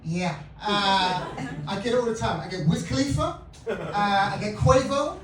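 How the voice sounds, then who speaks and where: A man from England doing a live stand-up set, excitable and laughing often as he works the crowd. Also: sits high, moderate pace. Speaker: stand-up comedian. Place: comedy club stage. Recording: roomy club recording from a distance, with loud crowd. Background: loud laughing audience.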